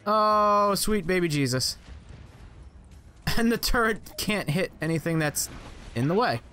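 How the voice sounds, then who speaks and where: Young man, let's play commentary, exclaiming and swearing, high lively voice, bright tone. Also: measured pace, slight background noise. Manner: exclaiming, swearing, joking to himself. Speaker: gameplay commentator.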